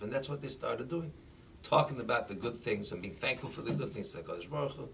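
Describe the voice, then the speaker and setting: A man, a rabbi, giving an animated sermon full of stories, rising to near-shouting when he drives a point home, recorded from a distance. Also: mid-range voice, quick pace, creaky. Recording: voice distant from the mic, faint background noise.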